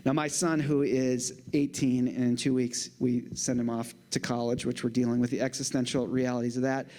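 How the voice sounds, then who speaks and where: A middle-aged man giving a humorous conference talk to a church audience, animated, with jokey asides. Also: mid-range voice, normal speed. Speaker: conference speaker.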